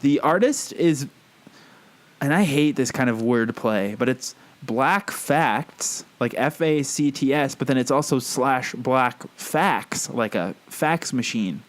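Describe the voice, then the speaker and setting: A man's voice: mid-range voice, expressive, takes it slowly. A man co-hosting a podcast in casual chat, wry and laughing, with casual swearing. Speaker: podcast co-host.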